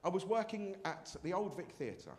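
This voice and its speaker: A man's voice: high-pitched, sing-song, moderate pace. A man performing a brash, self-mocking stand-up comedy set on a club stage.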